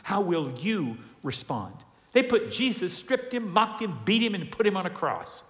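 A man preaching a sermon to a congregation, animated, asking questions and acting out voices. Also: sits high, normal speed. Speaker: pastor. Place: large church hall with congregation. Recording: long hall reverb.

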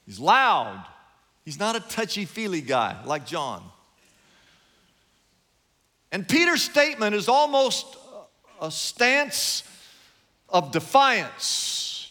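Male pastor, animated and emphatic, high, bright voice, reverberant church. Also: unhurried. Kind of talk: sermon. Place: large church hall. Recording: long hall reverb.

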